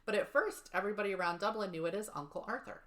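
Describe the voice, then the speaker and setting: A woman's voice: medium pitch, very fast, fairly bright tone. A woman co-hosting a true-crime podcast who chats casually, laughs often and swears. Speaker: podcast co-host.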